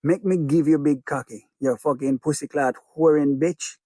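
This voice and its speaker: A man acts out a jealous, violent Jamaican father spitting crude abuse. His voice rides a little high, harsh and raging, recorded close and dry. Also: moderate pace, warm tone, dry recording, close to an everyday voice.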